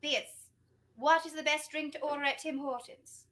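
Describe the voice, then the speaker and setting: A woman's voice: high-pitched, steady tone, moderate pace, a bit bright. A young woman from Canada hosting a comic livestream in a prim, theatrical, teasing manner. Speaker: host.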